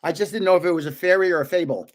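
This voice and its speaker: An older man casually opening trading cards on a live stream, chatty and excitable, guessing aloud and laughing often. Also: high voice, very fast. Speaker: card-opening vlogger.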